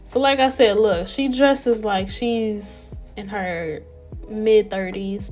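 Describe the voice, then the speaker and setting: A young woman giving casual, animated let's-play commentary and talking straight to her viewers. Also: medium pitch, slow pace, soft background music. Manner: chatty, animated, talks to viewers as y'all. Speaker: gameplay narrator.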